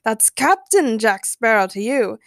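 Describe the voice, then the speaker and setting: A woman's voice: a little high, big pitch swings, a little slow, a bit bright, no room sound, studio quality, full character voice. A woman voicing a cheerful, boastful male pirate captain in a read-aloud fan story. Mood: proud. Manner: proud and breezy.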